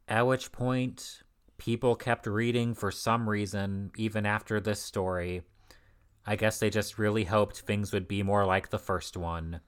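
A man's voice: lowish voice, steady tone, a little slow, a bit bright, smooth. A man co-hosting a podcast, casually recapping an old comic with dry, sarcastic, profane commentary. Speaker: podcast co-host. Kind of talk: casual comic book discussion.

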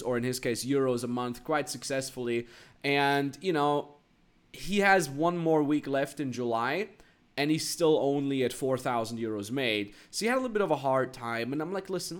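A man hosting his own podcast as a business coach, delivering a motivational rant that swings from hushed asides to loud emphatic bursts and stacks repeated phrases. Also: mid-range voice.

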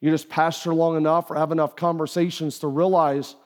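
High-pitched guy preaching to his church, chatty and animated, big echoey hall. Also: fairly quick. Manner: conversational, animated, acts out quoted voices. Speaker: pastor. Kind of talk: sermon. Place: church auditorium. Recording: live hall with long reverb.

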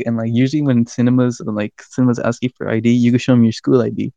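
Young male co-host, animated rambling storyteller with a profane streak; warm-toned, muffled lo-fi mic. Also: medium pitch, brisk, creaky, no echo. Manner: rambling, swears a lot, animated retelling. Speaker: podcast co-host. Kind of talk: casual storytelling chat.

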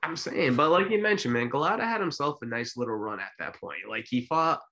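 A man with a bright, forceful voice chimes in on a podcast. He talks casually, laughs along and swears now and then. His voice sits at a middle pitch. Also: sing-song, a little fast. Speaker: podcast co-host.

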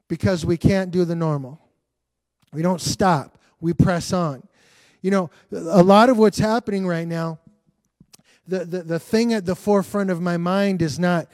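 Male pastor preaching earnestly, keeps repeating himself, pretty high voice. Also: darkish tone, no room sound. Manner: earnest, repetitive, restarts often. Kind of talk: livestreamed sermon.

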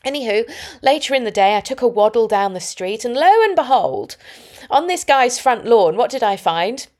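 A woman's voice: on the high side, lively intonation, moderate pace, darkish tone. A woman hosting her own podcast, telling personal stories in a reflective, anecdotal way from home. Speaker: podcast host. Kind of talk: solo podcast talk.

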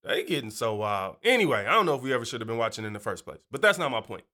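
Animated, bright-voiced man talking casually. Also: mid-range voice, rapid-fire. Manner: animated, chatty, keeps asking "you know". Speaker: Christian speaker. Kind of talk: casual faith talk.

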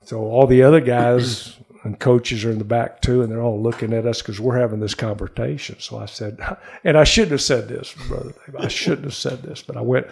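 An older man with a gravelly, creaky voice tells a long personal story as a studio interview guest. He gets animated as he acts out what others said, raising his voice for their lines. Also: mid-range voice, a little fast, hardly any pauses.

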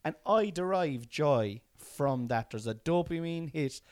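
A man's voice: fairly high pitch, lively intonation, measured pace, no room sound, clean studio sound. A man, a father and podcast co-host, chatting in a reflective, rambling way with frequent restarts. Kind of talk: casual chat.

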